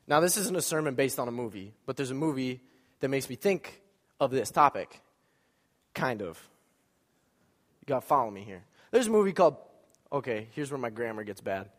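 Animated male preacher in a reverberant church. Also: mid-range voice, normal speed, pauses often. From American Midwest. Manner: animated storytelling, acts out voices, jokes with congregation. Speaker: pastor. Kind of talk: sermon. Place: church sanctuary.

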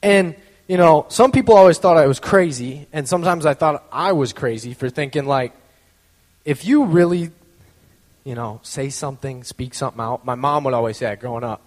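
A man's voice: fairly high pitch, moderate pace, a little mellow. Man telling a story in a reverberant hall. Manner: conversational, lots of fillers; acts out quoted voices. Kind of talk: personal storytelling talk.

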